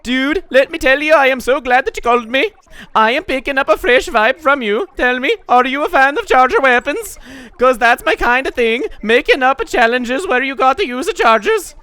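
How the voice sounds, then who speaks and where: A man's voice: extremely high pitch, animated, normal speed, sharp tone, voice pushed up, exaggerated voice. A man voicing a peppy young game girl in a Scottish accent, breezy and chummy as he reads her lines. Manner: breezy, chummy, upbeat, reading game dialogue. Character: peppy young female squid-kid, laid-back and chummy. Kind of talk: video game dialogue read-aloud.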